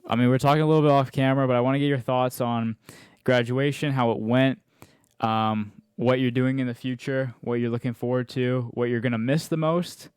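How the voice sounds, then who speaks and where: A man's voice: medium pitch, fairly even intonation, a little fast, a little mellow, smooth, dry recording, clean studio sound. A young man hosting a podcast, easygoing and chatty as he leads the questions. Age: young adult. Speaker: podcast host. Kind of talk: casual chat.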